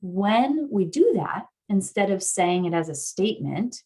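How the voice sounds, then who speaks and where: A woman's voice: on the low side, unhurried, few pauses, slightly rough. Earnest woman guiding an online workshop. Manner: guiding, earnest, rises into excited affirmations. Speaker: somatic therapist guest speaker.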